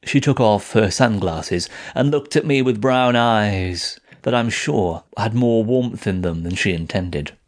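A man narrating a first-person audiobook in a measured, steady reading voice. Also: on the low side.

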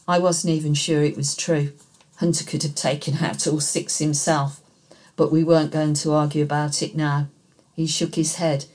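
Low-voiced woman narrating a thriller. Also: little pitch movement, normal speed, a little mellow. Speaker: audiobook narrator. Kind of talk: scripted first-person narration.

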